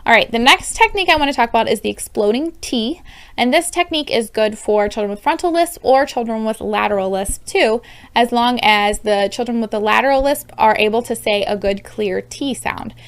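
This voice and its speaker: A woman in her thirties with a fairly high voice explains speech sounds in a bright, upbeat teaching manner. She often breaks off to model sounds aloud, as in a friendly instructional video. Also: fairly quick, clean tone. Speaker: speech therapist teaching parents.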